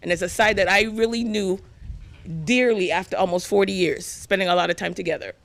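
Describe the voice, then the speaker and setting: A woman's voice: mid-range voice, steady tone, fairly quick, vocal fry. A woman in her fifties giving a eulogy for her husband, telling fond stories while fighting back tears. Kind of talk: personal eulogy, storytelling.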